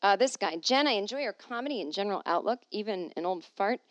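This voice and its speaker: A woman's voice: mid-range voice, expressive, quick pace, no echo, highs cut off. Woman, comedy podcast host, sarcastic, swears, dry close-mic sound. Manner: sarcastic, swears freely, slips into silly put-on voices. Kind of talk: comedic solo podcast, reading and riffing.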